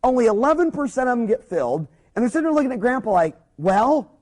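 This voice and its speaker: A man giving a lively dental seminar who tells stories, acts out their dialogue, and makes blunt jokes. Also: extremely high pitch, racing. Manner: blunt, joking, animated storyteller. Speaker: dentist lecturer. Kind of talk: lively seminar lecture with acted-out anecdotes.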